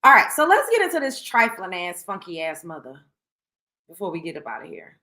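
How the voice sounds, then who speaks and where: A woman hosting a casual reaction commentary show, talking in a blunt, profane, animated way. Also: on the low side, a little fast.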